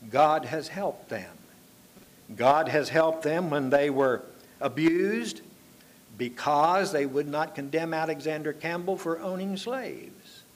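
A man preaching a sermon in an earnest way, lifting his voice for emphasis and dropping it low and quiet when he appeals to his listeners. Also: takes it slowly.

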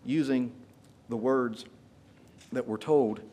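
A man preaching a sermon, retelling scripture dramatically with folksy paraphrase and getting louder on the quoted lines. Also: mid-range voice, takes it slowly. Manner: emphatic, rises in volume for quoted lines.

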